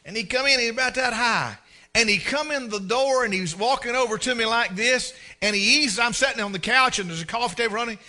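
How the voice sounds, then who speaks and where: A man's voice: very high-pitched, fairly quick. A man preaching a sermon, telling folksy stories and acting out the scenes. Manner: folksy, animated storyteller who acts out scenes. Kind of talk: storytelling sermon.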